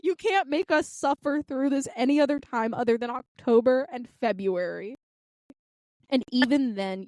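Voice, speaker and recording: Co-hosting a podcast, this twenty-something woman tells stories with fierce, dramatic passion, performing the quotes in casual conversation. Her voice is high and darkish in tone at a normal speed, with no room sound.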